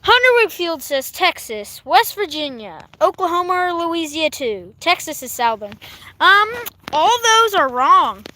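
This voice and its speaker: A woman with a Kentucky accent hosts a casual livestream outdoors on a horse farm, reading viewer comments aloud and giggling as she chats. Her very high voice is very animated, a little slow, and sharp in tone.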